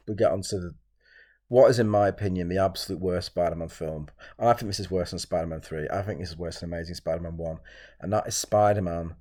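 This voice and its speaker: Exasperated man ranting, lowish voice. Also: darkish tone. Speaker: channel host reviewing films. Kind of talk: solo rant to camera.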